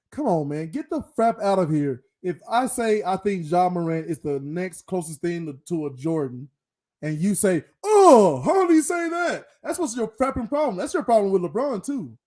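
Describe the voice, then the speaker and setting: A man's voice: high voice, lively intonation, normal speed, darkish tone. A man co-hosting a casual sports talk show, scolding and ranting in mock anger and swapping curses for a made-up word. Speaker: podcast co-host. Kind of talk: heated casual debate.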